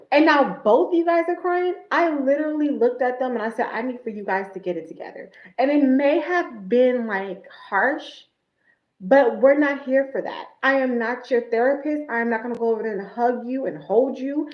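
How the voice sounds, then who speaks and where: Brief: outspoken woman host, livestream chat, slightly high voice, echoey room. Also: moderate pace, lo-fi sound. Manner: blunt, animated storyteller.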